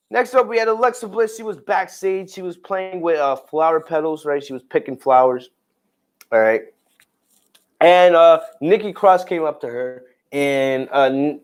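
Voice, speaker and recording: A man hosting a podcast, giving a casual ranting review, exasperated and repetitive with lots of fillers and restarts. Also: on the high side. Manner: exasperated, repeats phrases, many fillers and restarts. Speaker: podcast host reviewing wrestling.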